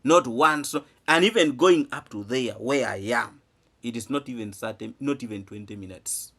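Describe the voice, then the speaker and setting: A man's voice: mid-range voice, normal speed, gravelly, fairly bright tone. A man giving emphatic vlog commentary, repeating phrases and asking rhetorical questions. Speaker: vlogger. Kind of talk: animated commentary to camera.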